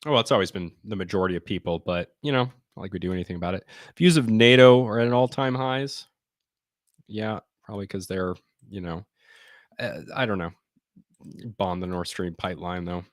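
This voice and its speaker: A man's voice: low voice, fairly even intonation, fairly quick, no echo, clean studio sound. A man giving blunt, sarcastic, rambling commentary on survey charts during a casual live stream. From United States.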